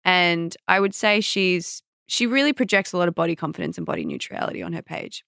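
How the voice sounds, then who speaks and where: A woman's voice: fairly low pitch, huge pitch swings, fairly quick, gravelly, a bit bright, dry recording, studio quality. A young woman hosting a podcast, telling a funny story in casual chat with frequent laughs. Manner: chatty storyteller, laughs often, acts out quotes. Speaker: podcast host.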